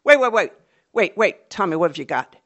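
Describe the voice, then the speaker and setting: A woman's voice: low-pitched, very fast, highs cut off. A woman voicing herself as a frantic little girl, pleading and repeating herself.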